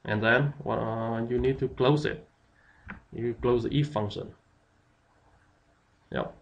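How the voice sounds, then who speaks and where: Slow, halting man teaching a tutorial. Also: medium pitch, fairly even intonation, creaky, muffled recording, slight background noise. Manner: slow, halting explanation with many fillers. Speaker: instructor. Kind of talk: screen-recorded software tutorial.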